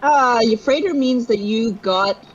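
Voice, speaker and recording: A friend joins over a call and explains things plainly and helpfully. The voice is mid-pitched. The call audio sounds dull and lo-fi. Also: unhurried. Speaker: co-player on a call. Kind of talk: casual chat.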